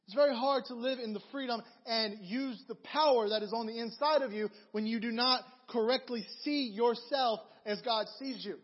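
A man preaching a sermon as a pastor, telling stories with lively repetition and stammered restarts. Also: very high-pitched, moderate pace, hardly any pauses. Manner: animated storytelling with repeated phrases. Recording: dull recording in a reverberant hall.

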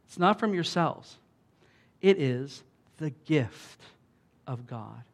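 A man preaches with animated emphasis, his voice sitting on the high side for a man. He shifts between punchy lines and chatty asides to the room. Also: takes it slowly, gravelly. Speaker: pastor. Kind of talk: sermon.

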